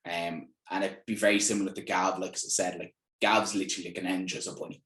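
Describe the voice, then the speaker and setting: Low-voiced Irish man in a roomy room. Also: little pitch movement, fast talker, fairly bright tone. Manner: chatty, acts out quoted lines with bursts of energy. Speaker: podcast host. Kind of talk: casual chat. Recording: roomy echo.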